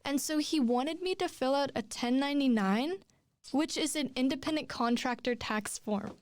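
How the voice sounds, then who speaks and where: A woman's voice: sits high, moderate pace, no echo. A young woman, a podcast guest, telling her story in casual chat, rambling with many fillers and restarts.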